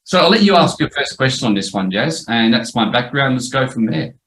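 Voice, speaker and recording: A man's voice: mid-range voice, expressive, a little fast, fairly bright tone, slight background noise, poor audio. A middle-aged man, a former lawyer presenting a webinar course in a chatty, storytelling way. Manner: chatty storytelling, frequent restarts and "yep".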